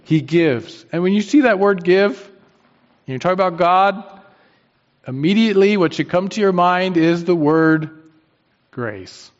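A man preaching a sermon, swinging from quiet low lines to emphatic, rising peaks. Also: animated, unhurried, pauses often, highs cut off.

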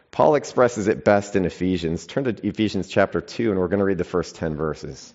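Low-voiced preacher in dull lo-fi sound. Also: male voice, lively intonation. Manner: emphatic scripture reading with long pauses and sudden quiet stresses; conversational asides to the congregation. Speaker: pastor. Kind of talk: sermon.

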